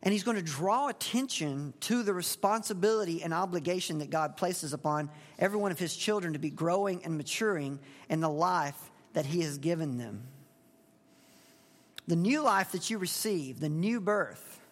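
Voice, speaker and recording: A man's voice: a little high, animated, normal speed. Male preacher, plain conversational delivery with questions to the pews, echoing church hall. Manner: conversational, asks the congregation questions. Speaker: pastor. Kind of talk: expository sermon. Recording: long hall reverb.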